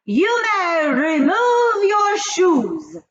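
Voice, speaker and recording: A woman reading aloud voices an imperious witch queen with a hard, metallic, rasping voice and slow, loud, drawn-out commands. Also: very high voice, wildly swooping pitch, muffled recording, pitched above the performer's own voice, full character voice. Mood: commanding.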